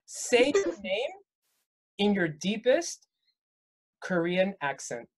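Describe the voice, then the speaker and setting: A woman's voice: medium pitch, big pitch swings, slow. A woman hosting a casual interview, asking questions in an upbeat, playful way. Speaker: host.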